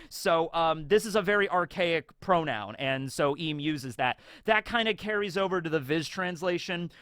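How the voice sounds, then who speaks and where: A man's voice: fairly high pitch, fairly bright tone, no echo, studio quality. A man hosting a casual fan theory video who rambles and leans on filler words. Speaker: YouTube host.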